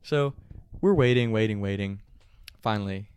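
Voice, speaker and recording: A young man telling a story casually, animated and profane, often laughing mid-telling. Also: fairly low pitch, normal speed, smooth, no echo.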